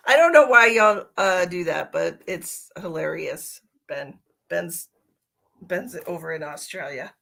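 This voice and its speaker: A psychic medium chats casually with viewers on her live stream, playful and laughing often, calling people sweetheart and honey. Her voice is fairly low, slow, creaky and fairly bright.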